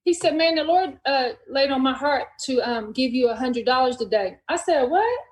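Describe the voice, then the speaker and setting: A woman hosting a podcast tells a story in casual conversation, animatedly retelling events and acting out the dialogue in quotes. Her high-pitched voice moves at normal speed in an echoey room, on a rough recording.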